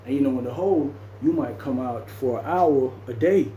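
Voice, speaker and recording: A man's voice: medium pitch, moderate pace, reverberant, a little hiss or hum, rough recording. A man casually telling a story about his past, acting out what people said and punching it up with sound effects. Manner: animated, acts out quotes and sound effects. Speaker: storyteller recounting his jail time.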